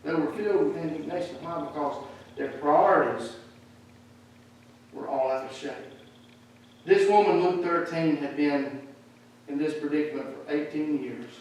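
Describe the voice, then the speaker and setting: A man preaching a sermon in a church, animated and acting out the people he quotes. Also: fairly high pitch, normal speed, long pauses. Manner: animated, acts out quoted speech. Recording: echoey hall from far off.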